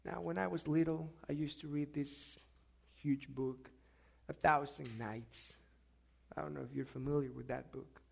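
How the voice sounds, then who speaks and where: A man preaching a sermon, moving from quiet reflection to loud, emphatic questions put to his congregation. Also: on the high side, fairly even intonation, unhurried, gravelly, breathy edge.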